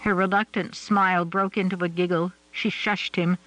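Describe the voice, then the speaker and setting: A man reading a novel aloud in a measured, even storytelling manner. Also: high voice, low-quality recording. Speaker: audiobook narrator. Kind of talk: scripted narration.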